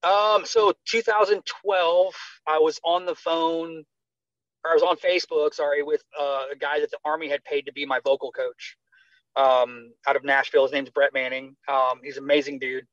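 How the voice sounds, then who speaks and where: Speaking at a normal pace in a slightly high voice, a retired army medic from the United States shares his story in an interview. He animatedly acts out the quoted dialogue he recalls, and the slightly dull recording has no echo.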